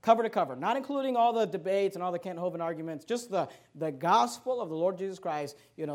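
A man preaching a sermon, reading verses slowly and with emphasis, then dropping into quick asides full of fillers and repeats. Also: sits high, animated, darkish tone. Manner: repeats words and stumbles with fillers. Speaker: pastor.

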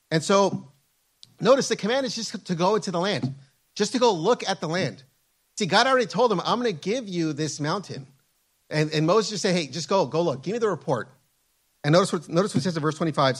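Fervent male preacher, higher-pitched. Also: fairly bright tone. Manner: fervent preaching, repeats phrases, reads scripture aloud. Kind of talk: sermon.

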